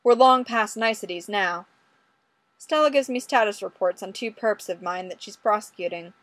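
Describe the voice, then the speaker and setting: A woman's voice: medium pitch, normal speed, no room sound. Woman narrating wryly, dry close sound. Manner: wry, conversational. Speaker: audiobook reader. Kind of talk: first-person story narration.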